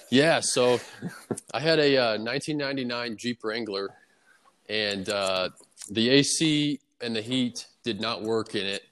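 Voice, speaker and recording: A young man, a baseball player, answering interview questions in a relaxed, easygoing way with lots of fillers. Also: medium pitch, unhurried. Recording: long reverb on the voice.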